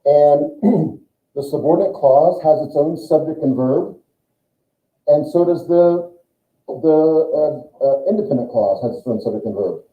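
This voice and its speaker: A man's voice: fairly high pitch, a little slow, faint music behind. Man teaching grammar in an echoey classroom. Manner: explains step by step, thinks aloud. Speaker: German teacher. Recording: echoey room on a tinny lo-fi recording.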